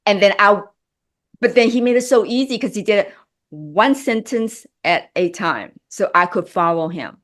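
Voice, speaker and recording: A middle-aged actress speaking as an interview guest, emotional and halting with many restarts. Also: female voice, mid-range voice, animated, fairly bright tone. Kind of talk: interview chat.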